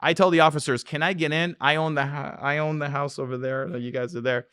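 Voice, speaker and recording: A man's voice: a little high, steady tone, brisk, fairly bright tone, smooth, dry recording. Profane storytelling man, dry close mic. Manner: profane, acts out voices in his anecdotes. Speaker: real estate investor guest. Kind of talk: animated storytelling.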